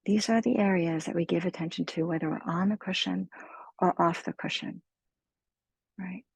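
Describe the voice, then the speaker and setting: A woman meditation teacher giving a slow, gentle guided mindfulness talk in a soothing manner. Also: lowish voice, fairly even intonation, creaky, slightly rough, no room sound, low-quality recording.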